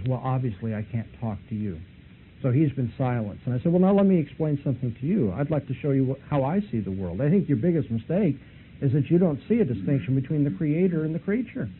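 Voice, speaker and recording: Man lecturing over a tinny line. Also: on the high side. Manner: emphatic, argumentative storytelling. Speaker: seminary lecturer. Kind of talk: apologetics lecture with retold dialogue. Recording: tinny phone-like lo-fi recording with faint hiss.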